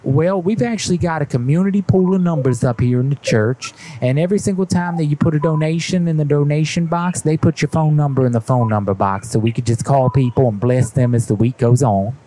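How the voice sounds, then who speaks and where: A man doing a pushy middle-aged small-town pastor on a prank call, rambling in a mellow, warm tone. He keeps up an overly friendly churchy pitch that never lets the other person go. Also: fairly quick, few pauses, lightly acted, poor audio. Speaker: prank caller.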